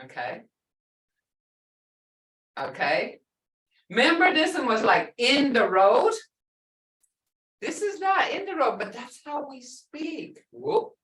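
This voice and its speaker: A woman's voice: high voice, big pitch swings, slow pace, long pauses, a bit bright, reverberant, far from the mic, low-quality recording. A woman language instructor teaching a class, playful, laughing often and repeating phrases.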